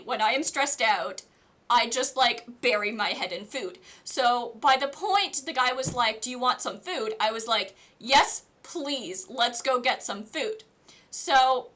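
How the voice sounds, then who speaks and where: A young woman streamer casually telling a storytime to her chat, chatty and animated, full of "like" fillers and laughter. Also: a little high. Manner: answers live chat.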